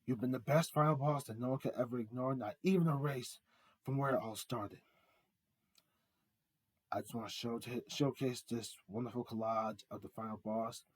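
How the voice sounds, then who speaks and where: A husky, medium-pitched male voice moves at a moderate, steady pace with no room sound. He's an art vlogger delivering a rambling, repetitive fan monologue with announcer-style reveals, earnest and heartfelt as a tribute.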